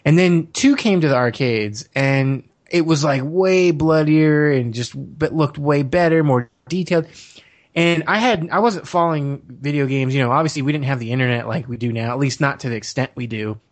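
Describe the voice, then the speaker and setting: A man's voice: on the high side, normal speed. A man telling long nostalgic stories in casual chat, rambling and laughing often.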